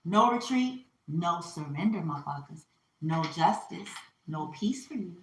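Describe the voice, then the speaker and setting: A woman's voice: lowish voice, lively intonation, measured pace, slight background noise. A woman giving a spiritual reading in a casual, profane and emphatic rant full of repetition. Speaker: spiritual reader. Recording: roomy echo.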